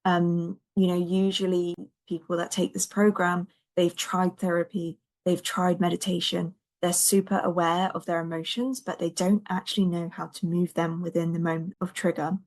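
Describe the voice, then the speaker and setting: A young woman hosting a podcast, her voice a touch croaky. She speaks gently and encouragingly, in a lowish, fairly even tone without much lift. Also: moderate pace, few pauses. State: slightly croaky voice. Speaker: podcast host and coach. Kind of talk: podcast monologue.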